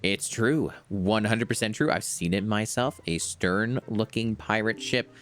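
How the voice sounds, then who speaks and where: A man voicing a gruff male islander from a video game who insists that his pirate story is true, in a slow, emphatic way. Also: lowish voice, soft background music, natural voice. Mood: insistent.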